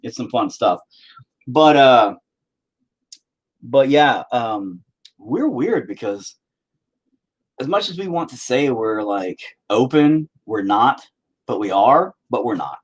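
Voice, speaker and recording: Profane, animated American guy ranting. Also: medium pitch, slow pace, pauses often, slightly rough. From United States. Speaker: channel host. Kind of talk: casual ranting while painting.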